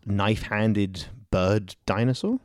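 A man, co-hosting a casual film review podcast, talking in an animated, sweary way. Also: fairly low pitch, slow pace, dry recording, clean studio sound. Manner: animated and sweary, slips into exaggerated voices for people in the film. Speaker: podcast co-host.

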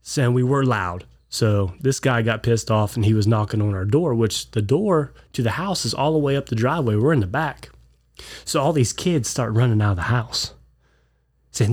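This man's mid-range voice is expressive with a breathy edge, and he talks at a normal speed, though a clogged ear makes him sound congested. Co-hosting a podcast in casual chat, he rambles through stories and performs other people's lines.

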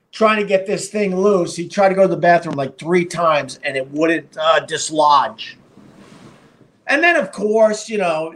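A middle-aged man chats to his live stream audience in a loose, unscripted way. His voice sits a touch high for a man. He swears freely and stumbles through fillers and restarts. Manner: rambling, profane, with many fillers and restarts. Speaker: podcast and live stream host. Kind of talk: casual storytelling to a live stream.

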